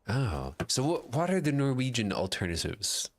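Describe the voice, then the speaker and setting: An excitable man chatting casually and swearing while live-streaming a game, reacting loudly and answering chat. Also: on the low side, fast talker, few pauses, faint music behind. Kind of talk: casual live gameplay commentary.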